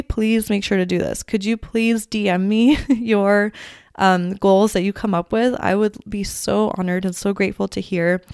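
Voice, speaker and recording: A woman's voice: medium pitch, creaky, clear, resonant tone, dry recording. A woman hosting her own podcast, talking casually and effusively with lots of fillers. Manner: chatty, effusive, many fillers like "um" and "like". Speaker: podcast host. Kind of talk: casual solo podcast talk. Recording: dry close recording, soft music behind.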